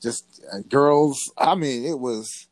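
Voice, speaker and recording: Man, podcast co-host, casual chat, animated storytelling, restarts, mid pitch, dry sound. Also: slow, dry recording. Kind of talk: casual conversation.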